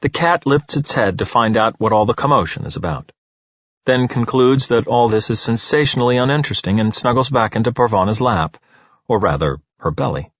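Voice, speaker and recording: A man narrating an audiobook in an expressive, animated storytelling manner. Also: medium pitch, a little fast, no room sound, muffled recording.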